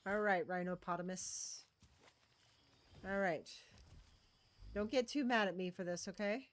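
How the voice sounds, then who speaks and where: In an unhurried, mid-range voice, a woman chats casually with viewers while streaming a video game. She thinks aloud, adds playful little noises, and coos affectionately at the game's creatures.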